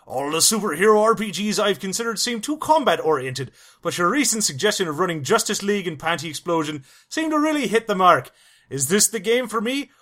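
A man voicing a gruff male British listener reading out his letter, in a mock regional accent that drifts toward an Irish lilt. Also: high-pitched, fairly bright tone.

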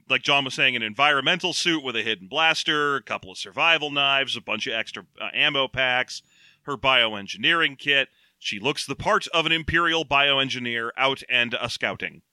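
A man's voice: medium pitch, sharp tone, clear, resonant tone, no room sound. A man co-hosting a casual podcast, recapping a story in a joking, rambling way. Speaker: podcast co-host. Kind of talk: casual book-discussion chat.

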